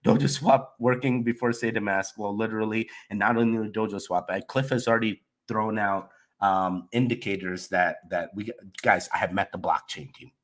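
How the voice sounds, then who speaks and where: A man's voice: lowish voice, normal speed. A young man who is sick and a bit nasal, with a slight cough, hosting a casual crypto livestream and chatting loosely with viewers. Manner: loopy, relaxed, rambling with restarts. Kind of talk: casual livestream chat reading comments.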